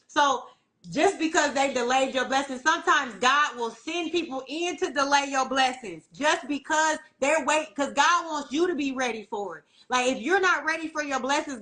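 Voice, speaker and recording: Woman tarot reader on a livestream, bright and a bit high, swears freely, preachy and encouraging. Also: poor audio. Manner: profane, emphatic, keeps asking "you see what I'm saying". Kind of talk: casual livestream tarot talk.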